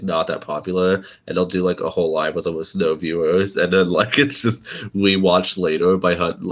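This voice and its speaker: A man's voice: low voice, fairly bright tone. A man hosting his own channel, chatting casually and rambling on a live stream and laughing often.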